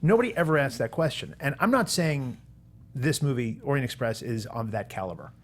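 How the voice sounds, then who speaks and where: A man's voice: medium pitch, animated, fairly quick. A man co-hosting a movie news podcast, opinionated, with frequent restarts and rhetorical questions. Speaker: co-host. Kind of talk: casual podcast chat about movie news.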